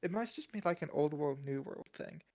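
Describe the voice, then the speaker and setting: A man's voice: on the high side, animated, brisk, a little mellow. A young man co-hosting a podcast in casual chat, rambling with lots of fillers and laughing often. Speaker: podcast co-host.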